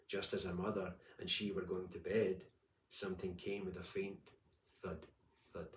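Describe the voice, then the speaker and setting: A man reading a folk tale aloud as an audiobook narrator, in an unhurried storytelling manner. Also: mid-range voice, darkish tone. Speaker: audiobook reader. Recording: echoey room, distant mic.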